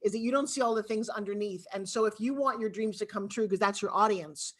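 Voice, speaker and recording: A woman from Long Island with a New York accent, telling her life story as an expressive, talkative guest on a video call interview. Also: mid-range voice, fast talker. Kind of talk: animated storytelling.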